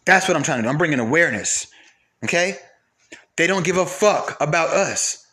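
A man's voice: on the high side, expressive, brisk, bright, forceful tone. A man delivering an angry, profane rant to camera, firing off repeated rhetorical questions.

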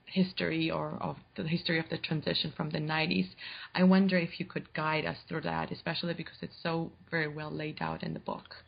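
Low, gravelly-voiced female interviewer. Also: flat delivery, fairly quick, lo-fi sound. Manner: polite, hesitant, restarts questions. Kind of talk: academic interview.

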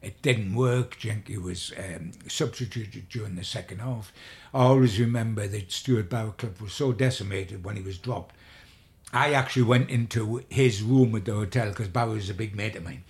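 A man's voice: fairly low pitch, normal speed, a little mellow. An older man, a sports journalist, telling long rambling anecdotes in an interview, with frequent restarts.

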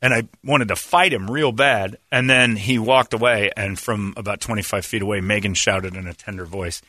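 A man's voice: lowish voice, moderate pace, dry recording. A man from Indiana hosting a radio show, telling stories in casual banter and acting out the quotes. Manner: animated storyteller, acts out quotes.

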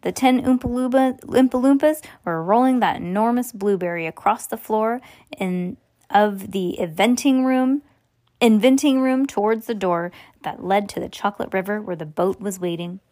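A woman's voice: mid-range voice, moderate pace, darkish tone. A woman reading a children's book aloud to a child at home, informal and stumbling now and then, correcting herself as she goes. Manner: informal, with slips and self-corrections. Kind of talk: bedtime story reading.

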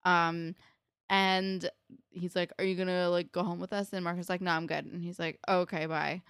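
A woman's voice: fairly low pitch, level tone, normal speed, a bit bright, smooth, no echo, clean studio sound. A young woman co-hosting a podcast, chatting casually as she recaps a TV episode with many fillers. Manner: chatty, filler-heavy, acts out quotes. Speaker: podcast co-host.

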